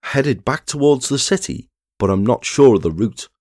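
A man, narrating a true crime story in a measured scripted read. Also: medium pitch, animated, a little mellow, no room sound, studio quality. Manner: measured, reads statements aloud plainly.

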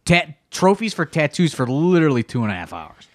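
A man's voice: a little high, big pitch swings, fairly quick, no room sound, studio quality. A man co-hosting a casual podcast, profane and exasperated, cutting in with blunt remarks. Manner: profane, exasperated, heavy swearing. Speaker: podcast co-host.

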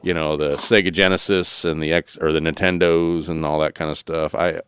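A man's voice: very deep voice, level tone, moderate pace, a bit bright, smooth. A man hosting a podcast in casual chat, rambling and loose with lots of fillers. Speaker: podcast host.

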